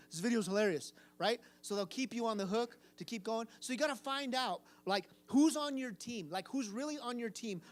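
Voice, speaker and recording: A man giving a casual youth group sermon to a live audience in a room. He quizzes the listeners and repeats phrases for emphasis. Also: very high-pitched. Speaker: youth pastor.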